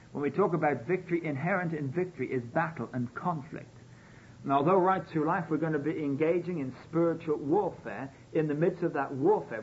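A man's voice: a little high, slight background noise. A man preaching a sermon, telling a story and acting out the quoted pleas, on a dull lo-fi radio broadcast.

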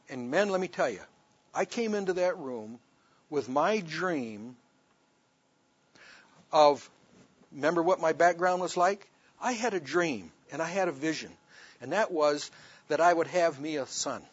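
A man's voice: fairly high pitch, expressive, unhurried, pauses often, slightly rough, no room sound. A man preaching, telling a personal story in an emphatic sermon testimony, on a dull lo-fi recording.

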